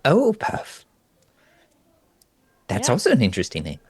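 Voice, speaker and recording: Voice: mid-range voice, huge pitch swings, unhurried, darkish tone. A player acting a timid, stammering booth keeper. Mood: flustered. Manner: stutters, repeats words, hesitant. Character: timid stammering small puzzle-booth keeper named Rote. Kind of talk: playing a character in a tabletop game.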